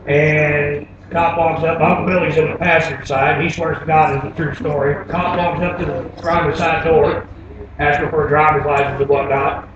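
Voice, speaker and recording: A high-voiced man telling comic stories on stage in a laid-back, rambling way. He is heard from far off in a very echoey room. The live recording sounds dull, with steady background noise. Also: moderate pace. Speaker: storyteller. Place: stage before an audience.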